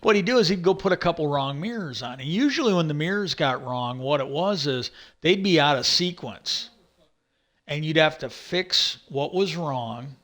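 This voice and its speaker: A man's voice: fairly high pitch, animated, moderate pace, a bit bright. A man telling a long work story in a casual, rambling monologue, swearing often and repeating "I go" as he retells what he said.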